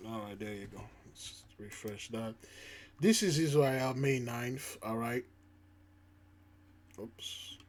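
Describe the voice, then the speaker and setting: A man's voice: medium pitch, takes it slowly, long pauses, background noise. A man hosting his own channel, giving casual spiritual commentary on the news in a rambling, emphatic way that repeats his points. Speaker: channel host.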